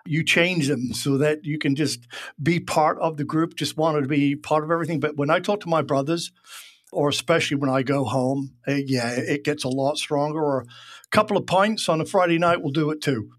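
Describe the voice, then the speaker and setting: Man explaining with wry humor, a bit high. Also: steady tone, moderate pace. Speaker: insurance expert guest. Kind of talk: conversational interview.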